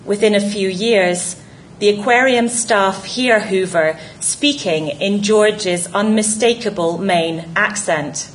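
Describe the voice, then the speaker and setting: Woman, scripted narration, slow, measured, reflective, mid pitch. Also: slight background noise, rough recording.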